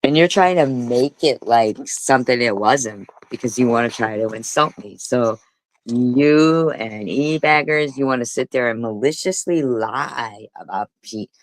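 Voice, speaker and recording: A woman's voice: rumbling low, moderate pace, hardly any pauses. A woman live streamer ranting angrily and cursing often, repeating herself as she argues with critics. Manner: angry, profane, repetitive. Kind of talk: heated livestream rant.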